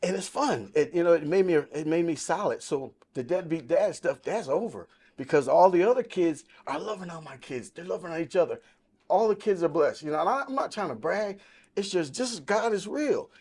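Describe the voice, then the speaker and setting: 60 yr old guy sharing his testimony on a podcast, kinda high voice, tells it emphatic like a story. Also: expressive, moderate pace, a little mellow, breathy edge. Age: 60s. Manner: emphatic storytelling, quoting others. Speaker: podcast guest. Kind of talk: testimony in casual talk.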